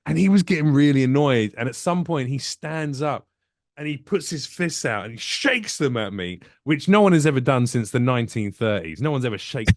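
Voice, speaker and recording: A man's voice: medium pitch, no room sound, studio quality. A man from the UK, a comedian telling jokey stories in a casual chat and acting out the people in them. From United Kingdom. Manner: animated, jokey, acts out voices in his stories. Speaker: comedian guest.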